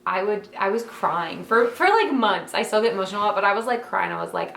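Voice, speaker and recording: A woman's voice: mid-range voice, animated, quick pace, creaky, hardly any pauses, fairly bright tone. A young woman telling a personal story in a casual, heartfelt way, full of fillers like "like" and "um", recorded at home in her bedroom. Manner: chatty, many fillers like "like" and "um"; emotional, heartfelt. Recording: echoey room, faint ambient noise.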